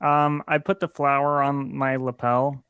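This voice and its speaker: A man's voice: medium pitch, little pitch movement, measured pace, fairly bright tone, a little hiss or hum. A man playing a tabletop game, describing his moves hesitantly with many fillers. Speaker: player. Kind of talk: casual tabletop play.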